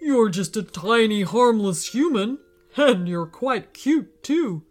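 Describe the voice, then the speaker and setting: Woman voicing a slow, calm jungle gorilla. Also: fairly high pitch, soft background music. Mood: calm, curious. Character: huge calm male gorilla, gruff but kindly.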